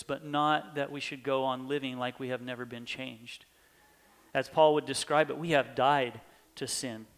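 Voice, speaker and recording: A man's voice: mid-range voice, a bit bright. A pastor preaching a sermon in an earnest manner, his voice swelling with emphasis.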